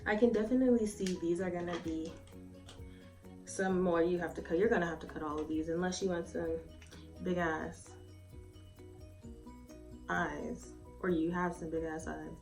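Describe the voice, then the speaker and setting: A woman's voice: on the low side, fairly even intonation, moderate pace, long pauses, a little mellow. Chatty, foul-mouthed woman reviewing lashes. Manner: chatty, swears freely, lots of "like" and "um". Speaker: beauty vlogger. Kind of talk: casual try-on review. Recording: slightly distant mic with faint music.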